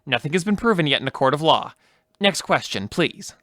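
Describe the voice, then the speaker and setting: An officious man running a mock press conference, fussily correcting everyone. His voice is bright and forceful and sits a little high. It is recorded dry and close. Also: expressive, fairly quick, dry recording. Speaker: press spokesman in sketch. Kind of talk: comedy sketch acting.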